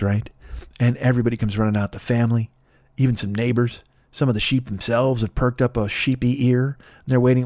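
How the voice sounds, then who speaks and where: A man's voice: medium pitch, fairly even intonation, quick pace, a little mellow, no room sound, studio quality. Rambling profane male podcast comic. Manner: rambling, profane, mock-grumbling retelling of a fable. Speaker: podcast host. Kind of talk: comic storytelling.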